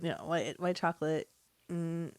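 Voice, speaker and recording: A woman's voice: deep voice, steady tone, measured pace, darkish tone, clear, resonant tone, no room sound. A woman co-hosting a podcast in casual chat, laughing often and firing back playful comebacks. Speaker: podcast co-host.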